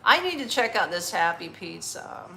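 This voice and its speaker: A woman's voice: fairly low pitch, animated, normal speed, creaky, bright, forceful tone, faint music behind. Blunt, swearing middle-aged American woman. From United States. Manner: blunt, swears freely, laughs often. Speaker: vlogger answering live chat. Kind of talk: casual live-stream chat.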